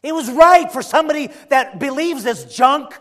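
A preacher with a high voice gives a conversational sermon. He is emphatic at times and often drifts into rambling asides. A long hall reverb hangs on his words. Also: animated, normal speed, a bit bright.

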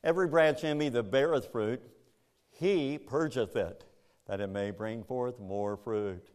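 A male pastor preaching with lively, theatrical delivery. He drops low and quiet, then leaps into loud, high-pitched mock voices. His pitch sits mid-range for a man. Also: measured pace. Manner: animated preaching, acting out voices with loud bursts. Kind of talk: sermon.

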